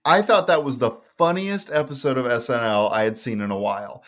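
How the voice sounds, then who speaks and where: Young man, podcast co-host, wry and teasing, mid-pitched. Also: fairly quick, a bit bright. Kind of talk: casual chat.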